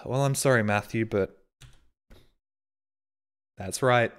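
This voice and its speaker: A man's voice: on the low side, slow pace, smooth. A man streaming live, reading out viewer donations and messages in casual, self-mocking, sarcastic banter.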